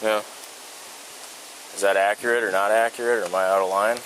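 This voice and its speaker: A police officer who questions calmly, then gives forceful commands. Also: sits low, brisk, low-quality recording. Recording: police body camera outdoors with faint noise.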